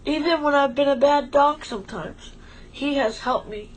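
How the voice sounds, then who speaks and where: A woman's voice: sits high, moderate pace, rough recording. A woman talking in a casual, heartfelt way on a stream, emotional and rambling as she thanks a friend. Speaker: livestream co-host.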